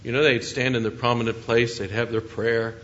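A man's voice: medium pitch, level tone, a little fast, fairly bright tone. Earnest preacher man, muffled recording. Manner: earnest, conversational preaching with rhetorical questions. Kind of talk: sermon.

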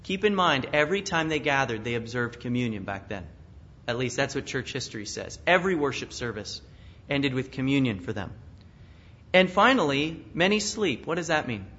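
A man's voice: mid-range voice, very animated, moderate pace, a bit bright. A pastor preaching an expository sermon in an earnest manner, asking questions and chuckling at his own asides. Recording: dull lo-fi sound.

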